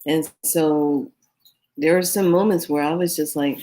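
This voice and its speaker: Woman vlogger, low-pitched, chatty storyteller, earnest about manifestation. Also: unhurried. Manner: animated storytelling, acts out her own reactions; earnest advice on energy and manifestation. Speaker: spiritual vlogger. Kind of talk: casual storytelling monologue.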